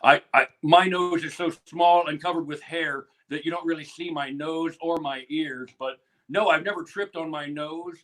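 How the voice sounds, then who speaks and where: A man from the Midwestern United States talks as a guest on a playful live stream. He keeps a mock-earnest, straight-faced delivery in a slightly high voice. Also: steady tone, moderate pace, a bit bright, low-quality recording.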